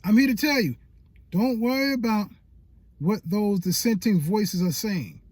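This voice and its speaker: A man's voice: sits high, unhurried, a little mellow, no room sound. A man giving a faith-based motivational talk as a YouTube coach, emphatic and repetitive like a preacher.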